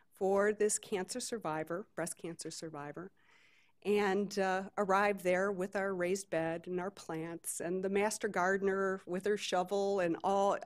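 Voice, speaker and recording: Woman from Detroit, panel moderator, conversational conference talk, hesitant fillers. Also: mid-range voice. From Detroit, USA. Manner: conversational, many fillers and restarts. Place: conference hall stage.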